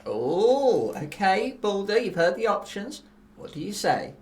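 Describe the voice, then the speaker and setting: A woman's voice: mid-range voice, big pitch swings, measured pace, a little mellow. A woman hosting a comedic dating game in a bubbly, gushing way. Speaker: host.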